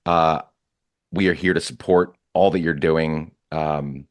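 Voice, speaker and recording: A man's voice: very deep voice, fairly even intonation, takes it slowly, dry recording. A man hosting a podcast, wrapping up with effusive, enthusiastic thanks to his guest. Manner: effusive, enthusiastic, warmly grateful. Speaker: podcast host. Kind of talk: casual podcast chat.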